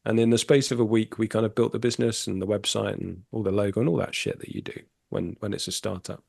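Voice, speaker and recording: A man talking as a podcast guest in casual storytelling chat, candid and animated, swearing freely. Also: on the low side, fast talker, vocal fry, breathy edge, no echo, studio quality.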